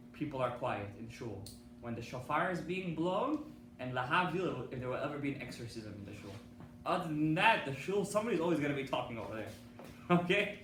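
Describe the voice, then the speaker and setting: A man's voice: mid-range voice, a bit bright. A man, a rabbi, giving a sermon with an emphatic storytelling manner, asking his listeners questions. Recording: echoey hall from far off with faint noise.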